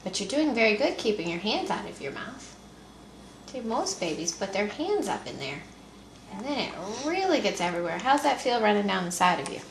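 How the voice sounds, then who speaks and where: A mother softly coaxing her baby through a feeding, speaking in gentle baby talk on a home video. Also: medium pitch, very animated, a little fast, vocal fry, noisy background. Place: room at home. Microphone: home video camera. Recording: echoey home video room.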